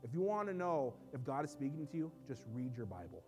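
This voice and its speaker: A man preaching as a pastor, swinging between soft low asides and loud emphatic lines, in a church. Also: sing-song, a little fast, soft background music. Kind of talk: sermon. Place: church sanctuary.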